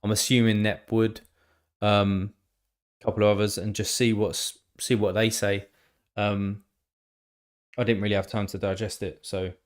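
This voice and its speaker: A man's voice: on the low side, level tone, normal speed, pauses often. A man chatting casually on a live stream, rambling and thinking aloud with lots of fillers and the odd swear word.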